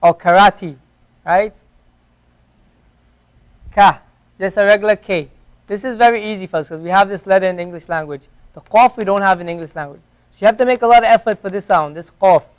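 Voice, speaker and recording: At an Islamic center classroom, a man teaches an Arabic lesson, patiently repeating each letter sound to show how it's pronounced. His smooth voice sits high and moves briskly, with frequent pauses.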